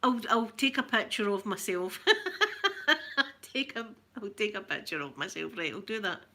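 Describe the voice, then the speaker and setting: A middle-aged Scottish woman with a Scottish accent, chatting casually to her livestream viewers as host and telling stories with lively animation. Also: mid-range voice, measured pace. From Scotland. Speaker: ASMR channel host.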